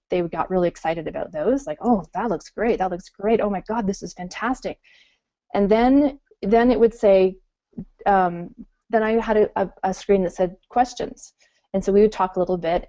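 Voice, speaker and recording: A middle-aged woman talking casually in an interview and acting out her customers' excited reactions. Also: mid-range voice, no echo. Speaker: guest entrepreneur. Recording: muffled call audio.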